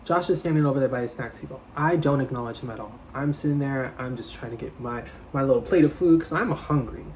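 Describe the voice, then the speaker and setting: A young man telling a storytime tale in a casual, animated, dramatic way, swearing freely. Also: mid-range voice, fast, hardly any pauses, slight background noise, poor audio. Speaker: vlogger.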